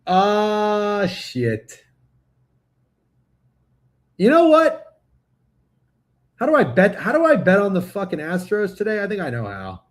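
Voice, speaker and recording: A man's voice: sits high, very animated, normal speed, few pauses. A man hosting a sports betting livestream, talking casually and profanely, speaking straight to his chat. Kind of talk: casual live-stream chat.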